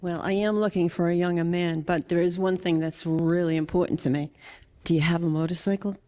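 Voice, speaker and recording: A woman's voice: lowish voice, steady tone, brisk, warm tone. A woman from Boston with a Boston accent, a dating show contestant who hesitates and weighs her words. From Boston, Massachusetts.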